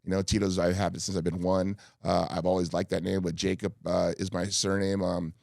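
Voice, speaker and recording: A man in his fifties from California speaks fast in a very low voice, with a dry, close studio sound. He rambles through earnest stories, full of fillers and restarts. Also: flat delivery, vocal fry, a little mellow, no echo. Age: 50s. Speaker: guest. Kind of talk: candid podcast interview. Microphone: studio microphone.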